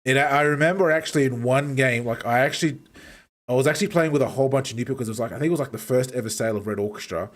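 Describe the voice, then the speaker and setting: A man's voice: medium pitch, rapid-fire. A man hosting a stream and telling rambling, swear-filled gaming stories in casual chat. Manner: rambling storyteller, heavy swearing. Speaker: streamer host.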